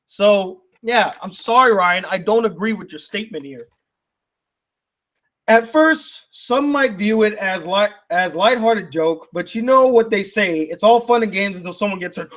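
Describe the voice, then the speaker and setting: Heated high-voiced man ranting. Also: animated, a little slow, a bit bright. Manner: indignant, argumentative, rhetorical questions. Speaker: YouTube critic reading viewer mail.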